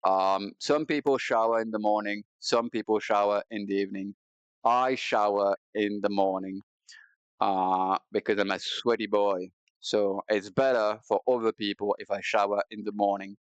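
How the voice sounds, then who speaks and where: Fairly low in pitch and fairly even in intonation, this man speaks at normal speed in a clean tone with no echo. He rambles through casual chat while streaming a game, poking fun at himself in a playful way. The audio comes from a cheap headset and sounds dull and lo-fi.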